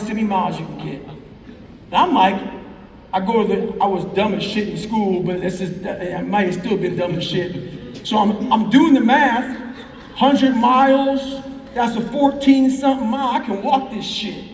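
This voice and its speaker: High-pitched man cursing through a story on stage. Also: moderate pace, gravelly, slight background noise. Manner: profane, intense storytelling. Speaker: motivational speaker. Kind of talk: live storytelling talk on stage. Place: large hall with a live crowd. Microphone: stage speech heard from the crowd on a fan's camera. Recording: roomy, far-off hall recording from the crowd.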